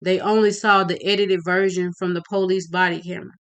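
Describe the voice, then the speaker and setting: A woman reading her novel aloud in a steady narrating voice, with occasional slips. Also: on the low side, brisk, clean tone. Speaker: audiobook reader.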